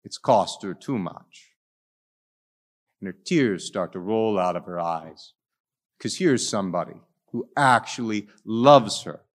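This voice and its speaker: Man, Catholic priest, preaching, lowish voice, dramatic storyteller, shifts between quiet and loud. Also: animated, slow pace. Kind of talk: sermon.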